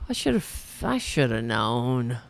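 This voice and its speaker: Gravelly, lively woman show host. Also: extremely low pitch, takes it slowly. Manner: animated, sarcastic storytelling with profanity. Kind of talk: casual livestream chat.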